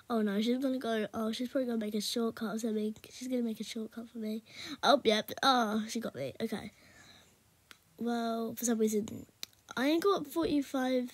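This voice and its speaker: British female gaming vlogger, chatty, low half-whisper, slightly high voice. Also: slightly rough, no room sound. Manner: often speaks in a hushed half-whisper; rambling and chatty, talking to viewers. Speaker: gaming YouTuber. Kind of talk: casual gameplay commentary.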